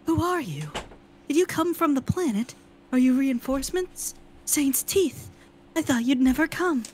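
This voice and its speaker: Brief: a frightened young woman pilot voiced by a high-pitched woman, anxious, pleading. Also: very animated, unhurried, darkish tone, a little hiss or hum.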